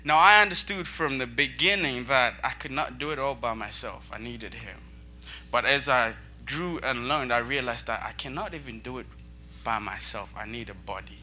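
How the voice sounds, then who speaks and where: Man, missionary guest, earnest preacherly testimony, vivid bright tone over faint music. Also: mid-range voice, normal speed. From Botswana. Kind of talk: church testimony.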